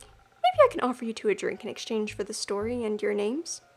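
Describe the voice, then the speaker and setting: A woman's voice: mid-range voice, big pitch swings, brisk, soft background music. A woman voicing a polite, friendly tavern keeper who greets her customers courteously. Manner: courteous and welcoming.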